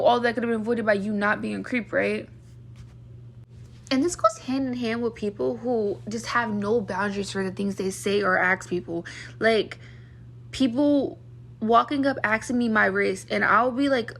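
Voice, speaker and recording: A woman's voice: on the high side, normal speed, vocal fry, a bit bright. A young woman vlogger talking in a casual storytime rant, exasperated, full of "like", acting out what other people said to her.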